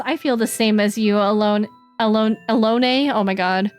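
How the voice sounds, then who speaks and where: A woman streaming a game, chatting casually and reading the dialogue aloud in quick playful voices. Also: mid-range voice, faint music behind.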